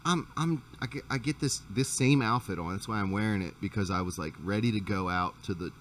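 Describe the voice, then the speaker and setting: Low-voiced man telling a profane story. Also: brisk, fairly bright tone, recorded from a distance, a little hiss or hum. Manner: profane, rambling anecdote with restarts. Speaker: podcast host. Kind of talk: casual chat, storytelling.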